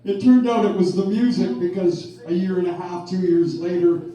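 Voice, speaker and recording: Rock frontman from Canada, onstage banter, cursing and chuckling, mellow-toned voice, echoey club sound heard from across the room. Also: high voice, steady tone, moderate pace, distant mic. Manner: rowdy, profane and chuckling. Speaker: band frontman. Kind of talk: onstage storytelling between songs. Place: live music club stage. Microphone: stage vocal mic through the PA.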